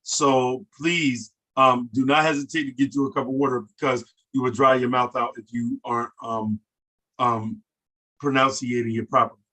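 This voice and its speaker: A man teaching a casual language lesson, who repeats words slowly and overstresses sounds for learners to copy. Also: mid-range voice, fairly even intonation, bright, forceful tone.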